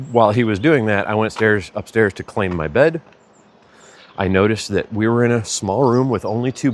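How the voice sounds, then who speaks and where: Male vlogger, lowish voice, loose and chatty storyteller who self-corrects, with faint ambient noise behind. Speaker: vlogger walking a pilgrimage route. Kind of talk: casual storytelling to camera.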